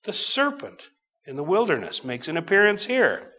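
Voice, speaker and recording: A middle-aged man preaching a sermon, teaching from scripture slowly and emphatically, swinging between loud bursts and quiet asides. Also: high-pitched, huge pitch swings, slightly rough.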